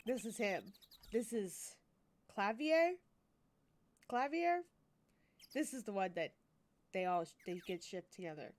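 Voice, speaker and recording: A woman's voice: mid-range voice, big pitch swings, takes it slowly, pauses often. A woman streamer chatting playfully and reacting while she plays through a game, recovering from sinus surgery. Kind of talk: casual game commentary. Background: game music.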